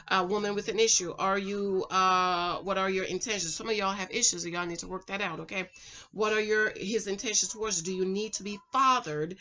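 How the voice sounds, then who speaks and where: Chatty, bright-voiced woman giving dating advice. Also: mid-range voice, lo-fi sound. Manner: chatty, preachy, animated, talks straight to the viewer. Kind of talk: casual vlog chat. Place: home.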